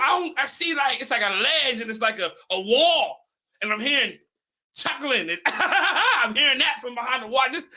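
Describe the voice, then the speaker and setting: A man's voice: very high voice, pushed and bright. A man hosting a podcast, telling a long story in a casual, rambling way, swearing a lot and tripping over his words. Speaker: podcast host.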